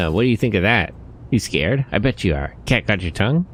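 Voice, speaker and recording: A boastful, scheming crime boss from a video game, played by a man. He swaggers through his threats in a low, lively voice and turns soft and sugary for his cat. The read jumps around a lot in pitch. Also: moderate pace, faint music behind. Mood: menacing. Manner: swaggering threats, then cooing baby talk.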